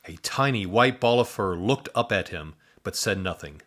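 A man reading a children's storybook aloud as the narrator, expressive and animated. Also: lowish voice, moderate pace.

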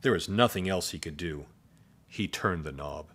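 A man reading a children's story aloud in a playful, expressive way. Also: sits low, moderate pace, breathy edge.

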